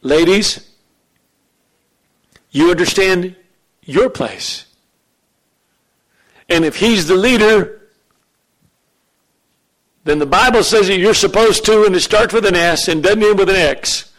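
A man preaching a sermon as pastor, animated and joking with his congregation in a church. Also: sits high, takes it slowly, long pauses, low-quality recording.

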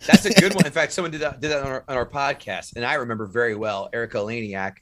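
A man who is a stand-up comic, a guest on a podcast, telling stories in a lively way and acting out the voices. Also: medium pitch, fast. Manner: animated storyteller, acts out voices. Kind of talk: casual storytelling chat.

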